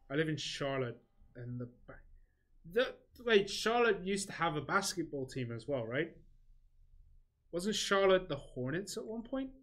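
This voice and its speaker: Chatty man, bright voice. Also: fairly high pitch. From England. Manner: chatty, answers viewer chat between gameplay remarks. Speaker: game livestream host. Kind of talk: casual livestream chat.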